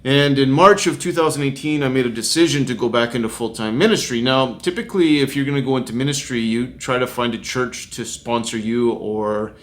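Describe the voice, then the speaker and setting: A man's voice: medium pitch, brisk, hardly any pauses, a bit bright. Folksy Canadian man telling a testimony. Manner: chatty and folksy, tags lines with "eh". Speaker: street minister. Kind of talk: casual devotional testimony.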